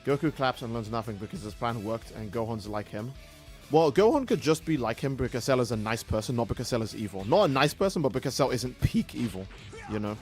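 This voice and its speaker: A man streaming a video game talks at an average pitch, rambling loosely and cursing freely. Now and then he acts out characters' lines, and faint game music plays underneath. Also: lively intonation, fairly quick. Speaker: gaming streamer. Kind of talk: casual gaming commentary.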